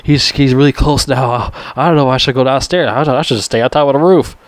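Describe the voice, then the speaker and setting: A man mimicking a middle-aged male small-town sheriff, with a whiny, stammering voice pitched up from his own. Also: fast talker, dry recording, lightly acted. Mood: panicky.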